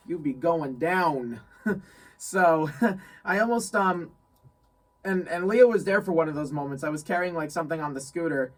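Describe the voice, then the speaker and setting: Young man from New York, fairly high voice, lively repeating storyteller, a bit far from the mic. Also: a little slow. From New York State. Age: young adult. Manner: animated, laughing, repeats phrases. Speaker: guest friend. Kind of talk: casual storytelling chat.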